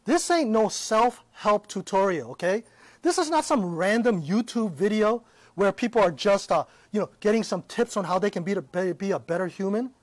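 Male Bible teacher with a high voice on a dry close mic, conversational preacher who keeps checking in. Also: lively intonation, normal speed, dry recording. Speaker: Christian teacher. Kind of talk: live-streamed Bible teaching.

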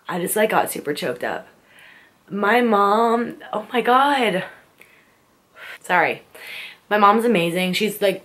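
Chatty young woman vlogging. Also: mid-range voice. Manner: chatty, many "like" fillers. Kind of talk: casual Q&A vlog.

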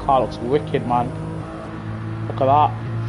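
Chatty gamer, slightly high voice. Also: male voice, normal speed. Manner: chatty, answers chat, slangy. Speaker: streamer. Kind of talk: casual live-stream chat over gameplay. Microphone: gaming headset. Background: car engine noise and music.

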